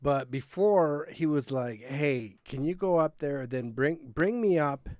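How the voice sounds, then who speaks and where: A man's voice: a little high, measured pace, darkish tone, no echo, studio quality. A man hosting a casual podcast, throwing in crude jokey asides and telling his own stand-up stories. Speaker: podcast host.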